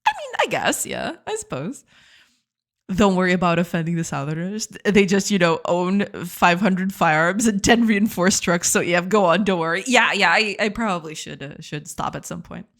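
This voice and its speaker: A woman's voice: on the low side, moderate pace, few pauses, a bit bright. Giggly woman game-dev streamer. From not from the United States. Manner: giggly, self-deprecating, stammers often. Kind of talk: casual live-stream chat.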